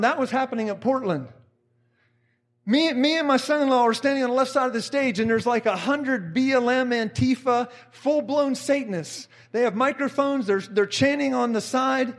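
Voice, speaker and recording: A middle-aged man preaching a fervent sermon, repeating phrases and rising to shouts. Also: very high-pitched.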